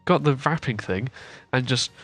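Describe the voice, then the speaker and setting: A man's voice: mid-range voice, moderate pace, fairly bright tone, no room sound. A young man co-hosting a casual podcast, telling a story about a bad sandwich shop visit. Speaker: podcast co-host. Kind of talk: casual chat.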